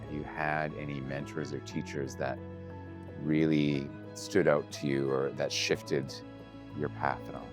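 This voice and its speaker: A man hosting an interview, asking questions in a calm, measured way. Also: rumbling low, over music. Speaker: interviewer, show host.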